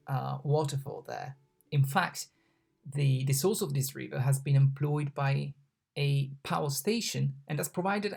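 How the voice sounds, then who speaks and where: Slow, gravelly-voiced language mentor. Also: mid-range voice, a little mellow. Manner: patient, repeats each example word slowly. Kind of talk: recorded online lesson.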